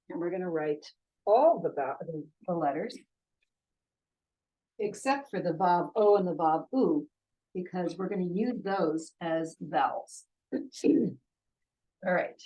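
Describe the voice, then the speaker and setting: Slow, patient woman teaching letters. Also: lowish voice, dark tone, poor audio. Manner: slow, patient, drills sounds one by one. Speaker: Hebrew teacher. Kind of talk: classroom lesson, reading out vowels and letters. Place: classroom with a board.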